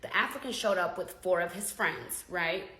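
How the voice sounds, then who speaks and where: A woman vlogger telling a story in a chatty, slangy, animated way. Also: lowish voice, moderate pace, roomy sound, poor audio. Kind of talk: casual storytime.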